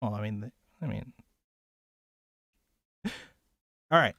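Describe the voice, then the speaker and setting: A man's voice: fairly low pitch, takes it slowly, creaky, long pauses, sharp tone, no room sound, studio quality. A young man giving casual, rambling anime commentary, loose and chatty, with lots of filler words and swearing. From United States. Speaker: anime reviewer and streamer.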